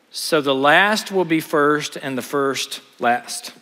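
A male preacher delivering a lively sermon in a large hall with a long, ringing reverb. His voice sits fairly high and sounds bright and forceful. He acts out the voices of the story and keeps asking the crowd questions. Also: slow pace. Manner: animated, acts out parable voices, asks the audience questions.

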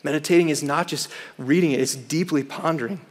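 A man's voice: a little high, a little fast. A young man giving an earnest chapel sermon to students, often saying "man". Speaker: campus chapel speaker. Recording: hall reverb.

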